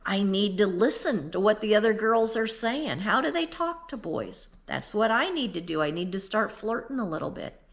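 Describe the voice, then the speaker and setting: A woman's voice: mid-range voice, very animated, moderate pace, few pauses. A woman in her fifties giving an earnest, emotional devotional talk, speaking straight to the listener and tearful at times. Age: 50s. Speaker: Christian speaker.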